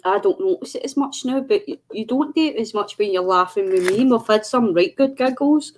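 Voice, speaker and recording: A woman's voice: medium pitch, lively intonation, brisk, darkish tone, slight background noise. A chatty, giggly woman co-hosting a casual craft livestream over a video call. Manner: chatty, giggly, mimics voices. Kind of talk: casual chat.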